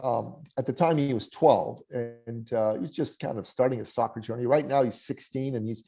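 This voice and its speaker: A man's voice: medium pitch, moderate pace, creaky. A man in his forties, a podcast guest, telling a personal story in conversation and acting out the voices of the people in it. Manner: animated storyteller who acts out quoted voices.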